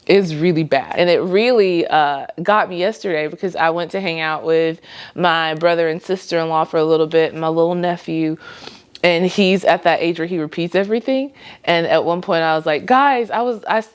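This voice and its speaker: A woman's voice: low voice, normal speed, clear, resonant tone. A young adult woman sharing a faith-based personal vlog, talking in an earnest, reflective way with light laughs between thoughts. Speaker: vlogger.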